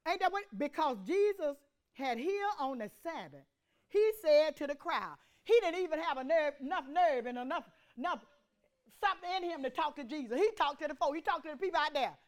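Woman preacher, high and animated, calling and answering with her congregation. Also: fairly quick. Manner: call-and-response preaching, swings from loud to hushed. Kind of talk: sermon. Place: church.

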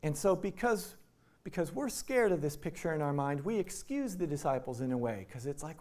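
A man's voice: on the high side, big pitch swings, moderate pace, a little mellow. A man from Iowa preaching a sermon in a conversational way, acting out the quoted lines. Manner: conversational, acts out quotes in voices. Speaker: pastor.

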